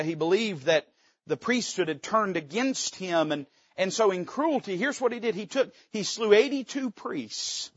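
A middle-aged man, a pastor preaching a sermon from the pulpit, swinging from loud, rising climaxes to hushed, low lines. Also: husky, no echo, lo-fi sound. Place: church sanctuary.

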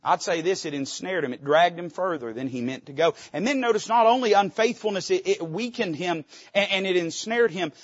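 A man's voice: sits high, fairly quick, no room sound, muffled recording. A male pastor preaching from a church pulpit, emphatic and folksy. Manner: emphatic, folksy, quotes old scripture aloud. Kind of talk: sermon.

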